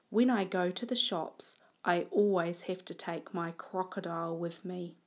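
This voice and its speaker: A woman teacher modelling reading aloud for young children, thinking aloud in a deliberate way as she corrects her own mistakes. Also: lowish voice, darkish tone.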